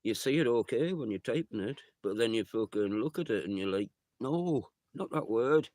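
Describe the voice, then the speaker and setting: This livestreamer has a lowish, darkish voice and talks briskly and animatedly as he goes through viewer chat. He wanders casually between topics and curses a lot, with no echo on the recording.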